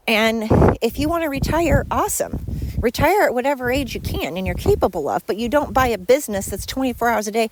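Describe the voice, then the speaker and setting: A middle-aged woman hosting her own podcast, venting sarcastically about former coworkers. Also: a little hiss or hum. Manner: venting, sarcastic, mimics others in high voices. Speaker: podcast host. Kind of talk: solo podcast rant.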